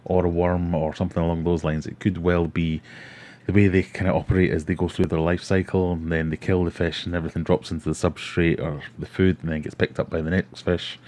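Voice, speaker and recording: Low-voiced Scottish man chatting on a livestream. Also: darkish tone. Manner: rambling, chatty, reads out viewer comments. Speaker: livestream host. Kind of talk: casual live-stream chat.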